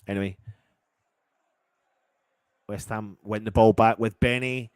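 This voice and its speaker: A man giving partisan live football commentary as a fan, swearing and swinging from low muttering to loud shouts. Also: fairly even intonation, slow pace, long pauses, clean tone, no echo.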